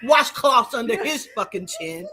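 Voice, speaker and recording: A woman co-hosting a podcast, chatting casually with loud laughter and plenty of swearing. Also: a little high, animated, normal speed. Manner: loud, profane, bursts into laughter. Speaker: podcast co-host. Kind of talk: casual chat.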